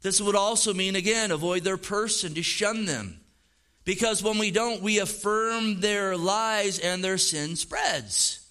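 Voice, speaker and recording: A man's voice: sits high, a little slow, bright, forceful tone, smooth. A man preaching a sermon as pastor, emphatic and casual, with slang.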